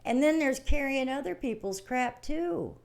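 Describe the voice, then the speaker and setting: A woman's voice: high voice, lively intonation, a little slow, a little mellow. A middle-aged woman hosting a livestream, giving a casual, folksy spiritual talk that rambles and repeats itself, with frequent laughs. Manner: rambling, repetitive, laughs often; plain-spoken, folksy. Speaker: livestream host.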